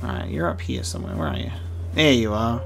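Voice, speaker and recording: A man's voice: mid-range voice, huge pitch swings, fast, creaky, noisy background. Playful man doing game commentary. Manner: chatty, playful, laughing asides. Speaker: gaming streamer. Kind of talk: let's-play commentary.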